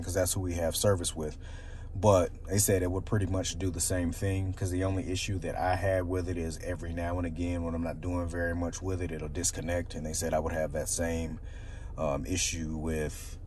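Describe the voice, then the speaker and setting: A man's voice: deep voice, darkish tone, slight background noise. A man casually demonstrating a car stereo from inside his car, rambling and hesitant with many fillers. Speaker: car audio reviewer.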